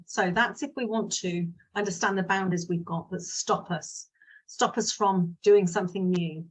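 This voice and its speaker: This woman has a fairly low, husky voice. A business mindset coach, she talks to her viewers in a casual, frank, digressive way, slipping into side stories.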